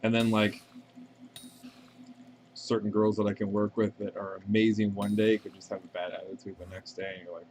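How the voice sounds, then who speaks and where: A man's voice: fairly low pitch, flat delivery, normal speed, a little mellow, slight background noise. A man chatting casually and rambling while playing a game on a live stream, swearing freely and answering viewer questions.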